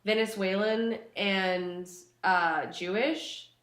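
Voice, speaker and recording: A woman's voice: medium pitch, fairly even intonation, drawn-out words, a bit bright. A young woman from Texas co-hosting a casual podcast chat, laid-back and joking, often laughing. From Texas, USA. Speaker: podcast co-host. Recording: echoey room.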